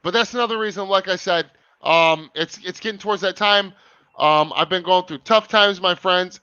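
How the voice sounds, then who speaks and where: Hyped young guy hosting a stream, high bright voice, swears a lot, kinda muffled lo-fi audio. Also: moderate pace, smooth, no room sound. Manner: animated, swearing, emphatic. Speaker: livestream host. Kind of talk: casual livestream chat. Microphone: video call.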